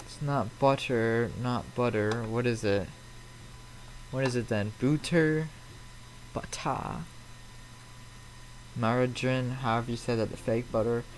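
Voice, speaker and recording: A man's voice: medium pitch, steady tone, moderate pace, slight background noise. Man chatting casually on a live stream. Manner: rambling, answers chat messages aloud. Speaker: flight sim live streamer. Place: at home.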